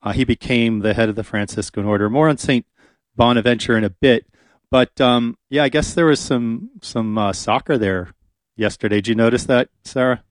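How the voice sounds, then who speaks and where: A man's voice: mid-range voice, normal speed, no echo. Guy hosting a talk radio show, easygoing rambly chat, dry studio sound. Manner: chatty, rambling with fillers.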